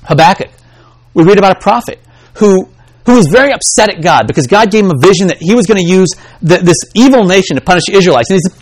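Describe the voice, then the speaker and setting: A man preaching a sermon in an animated way, acting out the voices he quotes. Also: high voice, fast.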